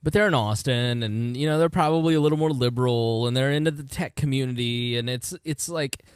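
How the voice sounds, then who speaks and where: An earnest man co-hosting a political podcast in casual chat, often restarting his sentences. His voice has a middle pitch. The sound is dry, with no room echo. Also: fairly quick, clean tone. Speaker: podcast co-host.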